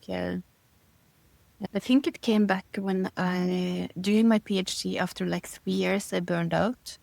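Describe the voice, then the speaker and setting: A woman's voice: on the low side, vocal fry, no echo, rough recording. A middle-aged woman being interviewed, talking thoughtfully and searching for her words, often breaking into light laughter between thoughts. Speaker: guest. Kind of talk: casual interview conversation.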